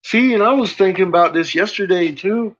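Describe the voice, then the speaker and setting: A man ranting and swearing in frustration on a casual livestream, talking to his viewers. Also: high voice. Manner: frustrated, swearing, slow rambling talk. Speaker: livestream host. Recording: dull lo-fi sound with faint noise.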